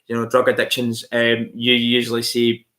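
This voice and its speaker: A man's voice: medium pitch, completely flat delivery, moderate pace, a bit bright. Blunt, swearing man chatting with viewers. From outside Australia. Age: adult, married. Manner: blunt and swears freely, talks to viewers as "mate". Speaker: channel host answering viewer comments. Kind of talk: casual live-stream chat.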